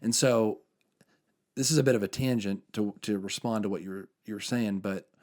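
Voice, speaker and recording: A man's voice: on the low side, normal speed, darkish tone. A man talking on a casual podcast, earnest and reflective, circling back with many fillers and restarts. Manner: earnest, reflective about faith. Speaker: podcast co-host.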